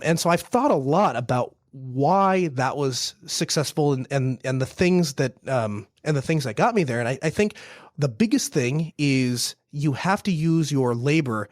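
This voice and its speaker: A man's voice: fairly high pitch, no echo, clean studio sound. A man in his thirties, a small business owner, telling a long story in casual conversation, with many restarts and repeated words.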